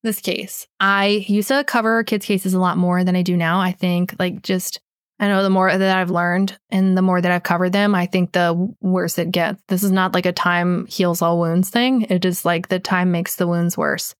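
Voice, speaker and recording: Narration and an unscripted outro rant come from a woman hosting a true crime podcast, who talks bluntly, curses a lot, and says her voice is giving out. Her voice is lowish and level at a normal speed, recorded with clean studio sound and no echo.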